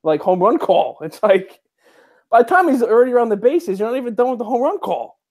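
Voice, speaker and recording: Co-host: male, bouncy expressive pitch, animated talker who mimics people mid-story. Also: a little fast. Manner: animated, acts out quotes. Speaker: podcast co-host. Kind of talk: casual sports chat.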